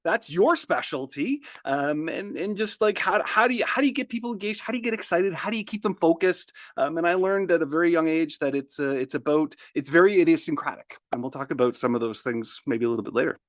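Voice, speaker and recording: A man being interviewed as a guest speaker, telling lively stories with many restarts. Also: on the high side, brisk, hardly any pauses, dry recording, clean studio sound. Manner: energetic storyteller, many restarts. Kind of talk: podcast interview.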